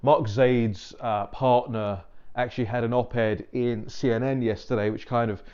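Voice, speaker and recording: A man's voice: mid-range voice, a little mellow, dull audio. Wry British man, rambling talk. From Britain. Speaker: political commentator. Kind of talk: casual anecdotal monologue.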